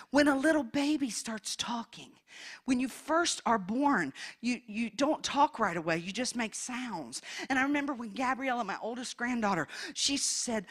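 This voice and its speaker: A woman in her sixties preaching a Pentecostal sermon, fervent, calling out hallelujahs and swinging from loud exclamations to hushed storytelling. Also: fairly high pitch, animated, normal speed. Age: 60s.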